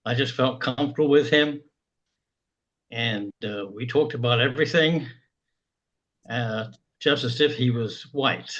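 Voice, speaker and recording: Older man, halting speech. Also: mid-range voice, fairly bright tone, lo-fi sound. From England. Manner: halting, with many pauses and fillers. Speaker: group member. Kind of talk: reflective group discussion.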